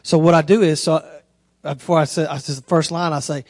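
Man, 30s, preacher, storytelling sermon, high voice, dry close sound. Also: fast talker, no room sound. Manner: folksy, conversational storyteller, voice rises high when excited.

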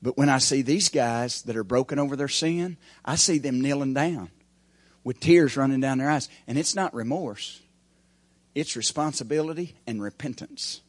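A male preacher delivers a sermon. His voice is husky, and he keeps checking in with the congregation through rhetorical questions. He swings between loud emphatic builds and quiet, low asides. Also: moderate pace. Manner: call-and-response preaching, rising and falling emphasis.

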